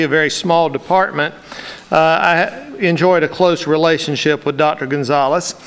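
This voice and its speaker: A male preacher delivers a sermon, moving from a personal anecdote to a slow, measured scripture reading. His voice sits high for a man. The tone is smooth and clean. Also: fairly bright tone.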